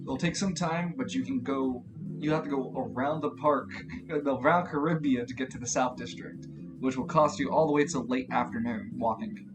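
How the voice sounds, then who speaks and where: A man's voice: medium pitch, moderate pace. A man narrating a tabletop role-playing game as game master, rambling and correcting himself as he goes. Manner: rambling, self-correcting, laughing asides. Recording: guitar music playing behind.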